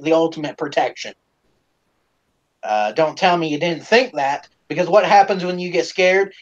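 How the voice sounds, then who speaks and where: A man hosts a live stream and tells stories to his fans in an animated, profane way, full of fillers. His voice sits fairly high for a man. The audio is slightly dull and lo-fi. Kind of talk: casual storytelling to fans.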